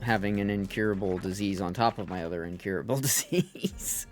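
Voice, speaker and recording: Animated, venting male streamer. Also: lowish voice, brisk, faint music behind. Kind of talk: casual chat while gaming.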